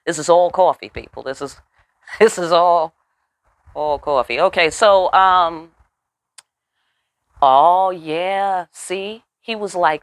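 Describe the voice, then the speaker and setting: A woman giving a casual tarot reading, animated and profane with chatty asides. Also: on the low side, slow, pauses often, no room sound. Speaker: tarot reader.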